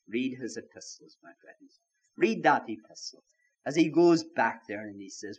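A man's voice: mid-range voice, expressive, normal speed. A man preaching a sermon with emphasis, repeating his key phrases.

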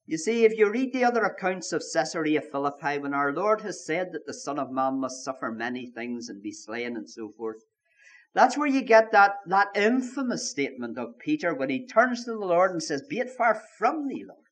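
A man's voice: on the high side, sing-song, normal speed, a bit bright. A man preaching a sermon with emphasis, repeating his key phrases.

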